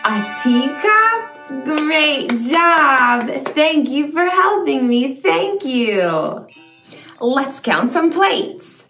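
Woman, toddler lesson host, encouraging, lively pitch, echoey room, faint music. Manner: sing-song, encouraging, slow and clear. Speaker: children's show host.

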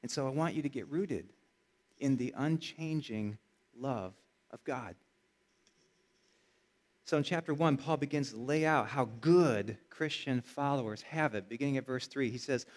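A middle-aged man from Michigan, a pastor preaching a sermon in a conversational storytelling way that builds to energetic emphasis. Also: medium pitch, measured pace, long pauses.

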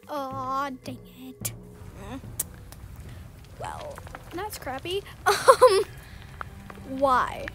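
A woman's voice: high voice, very animated, extremely slow, pauses often. A young woman casually commenting on a game she is playing, giggling often and easily spooked. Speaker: gameplay streamer. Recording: music playing underneath.

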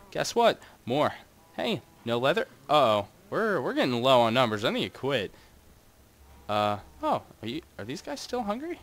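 Young guy rambling over his game, voice bouncing all over the place, chatting to viewers. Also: fairly bright tone. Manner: rambling and chatty, talks to his audience, jumps between wild highs and mutters. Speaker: Minecraft gaming channel host. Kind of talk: casual gameplay commentary.

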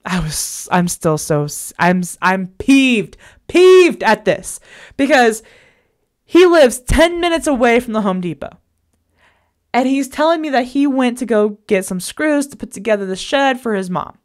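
A woman's voice: on the high side, animated, a little slow. A woman vlogger telling a personal story in an emphatic, exasperated way, recorded in a bedroom at home.

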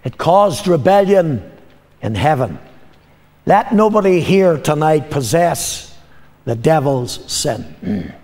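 An older pastor from Northern Ireland preaches a sermon in a fairly high, slightly mellow voice that carries through a big room. He repeats his lines and calls on the congregation to answer.

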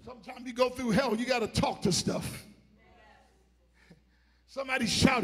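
A man pastor preaches with fervor, his very high voice rising into shouts as he presses the congregation to answer. His words ring out through a church sanctuary with a long, hanging reverb. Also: steady tone, normal speed, pauses often, slightly rough. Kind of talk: sermon.

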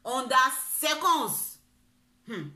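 A young Nigerian woman vlogger recounting a story time in a car, animated and mixing pidgin with laughter. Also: high-pitched, takes it slowly, roomy sound.

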